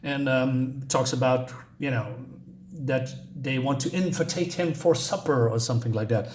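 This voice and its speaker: A man reviews a comic book casually, recapping the pages in a halting, chatty manner full of fillers and restarts. His voice is mid-range, and there's a slight hiss or hum in the recording.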